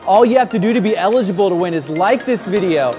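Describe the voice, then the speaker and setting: A man's voice: sits high, expressive, fast, darkish tone, faint music behind. A male radio host delivering an upbeat promo for a giveaway video.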